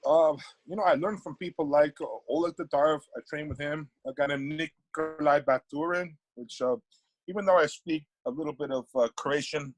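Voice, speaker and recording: A man's voice: fairly high pitch, fairly quick, no room sound, rough recording. A middle-aged man from Panama, a guest in a casual podcast interview, talking animatedly and often repeating words as he thinks.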